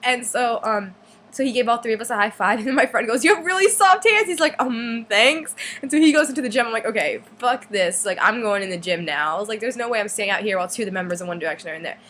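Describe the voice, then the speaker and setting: A teenage girl telling a long story in a casual vlog, excited and rambling, with many fillers. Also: medium pitch, fast. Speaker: vlogger.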